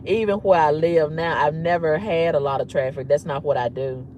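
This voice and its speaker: A woman with a husky voice, telling a story to camera in a blunt, emphatic, often repetitive way. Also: low-pitched, fairly even intonation, normal speed, darkish tone, a little hiss or hum. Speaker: vlogger. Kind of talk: candid storytelling rant.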